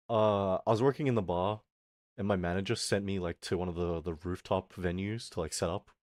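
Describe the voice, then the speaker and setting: A young adult man streamer tells a rambling, swear-filled story as a casual rant, animatedly acting out the other people in it with quoted voices. His voice is fairly low, and the studio-quality audio has no room sound.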